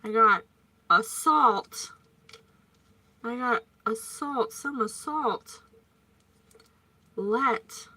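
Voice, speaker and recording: A woman's voice: a little high, drawn-out words, long pauses, sharp tone, husky, no echo. A woman giving a chatty psychic reading, playful and prone to tangents. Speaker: psychic reader. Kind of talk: casual psychic reading monologue.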